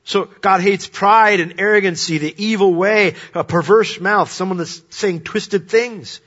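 A man preaching a sermon, swinging between loud, emphatic points and quiet, hushed asides. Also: high voice, unhurried. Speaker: pastor. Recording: dull lo-fi sermon recording.

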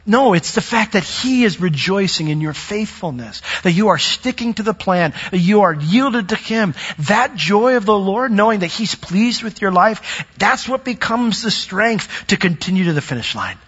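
A male preacher with a fairly high, husky voice delivers a lively sermon and slips into character voices for the people he quotes. His words ring out with a long echo from a large hall. The recording itself sounds dull and lo-fi. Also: moderate pace. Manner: animated, acts out quoted voices. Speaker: pastor.

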